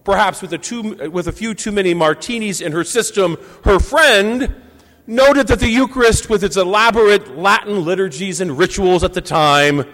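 A Catholic priest in his fifties giving a measured, reflective Sunday homily in a church. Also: high-pitched, a bit bright. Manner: measured, reflective preaching with deliberate pauses. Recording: long church reverb.

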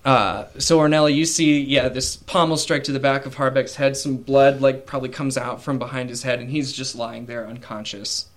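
A man runs a tabletop game, narrating scenes in a casual, rambling way. His voice sits at an ordinary pitch. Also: steady tone, moderate pace, hardly any pauses. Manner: casual, with fillers and voiced characters. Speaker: game master.

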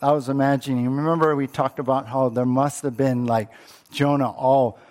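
A man's voice: medium pitch, steady tone, normal speed, darkish tone. A male pastor preaching a sermon in a conversational way, often asking listeners questions and repeating words.

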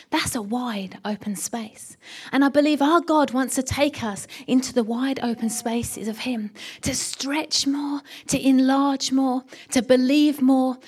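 A middle-aged woman preaches to her church in a fairly high voice. She moves from lively storytelling to hushed, whispered lines for emphasis. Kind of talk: sermon.

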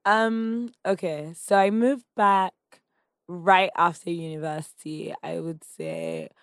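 A young woman with a Nigerian accent speaks as a podcast guest in a relaxed, rambling way. Her voice sits low, and the recording is dry with no room sound. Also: slow, dry recording. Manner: chatty, lots of "like" fillers, laughs often. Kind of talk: casual interview chat.

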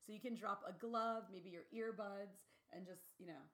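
A woman's voice: mid-range voice, normal speed. Giggly woman telling stories in casual chat. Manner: giggly, animated storytelling. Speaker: podcast co-host.

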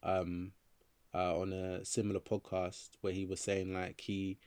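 A man's voice: low voice, monotone, measured pace, a little mellow, dry recording. A young adult man from England, a writer and actor talking casually in an interview, loose and rambling with many fillers and restarts.

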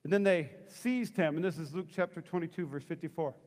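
Animated high-voiced preacher in a big hall. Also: male voice, brisk. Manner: animated, acts out voices of people in the story. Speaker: pastor. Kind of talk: sermon. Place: church sanctuary.

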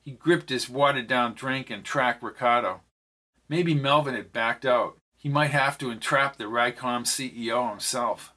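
A man's voice: mid-range voice, moderate pace, sharp tone. A man narrating a novel aloud, reading every character's lines in his own voice. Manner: reads all the characters' dialogue in his own voice. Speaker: audiobook narrator. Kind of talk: scripted narration.

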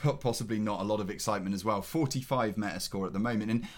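A man's voice: on the low side, fast talker, a little hiss or hum. Blunt, opinionated male film show host. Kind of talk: casual film review chat.

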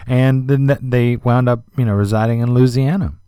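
A man hosts a music podcast in a loose, chatty way, wandering into asides and filling pauses as he goes. His voice sits at a middle pitch and is recorded close and dry, with no room around it. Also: steady tone, dark tone, clean tone, no echo. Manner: chatty, rambling, many fillers and asides. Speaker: podcast host. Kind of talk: casual radio-style music commentary.

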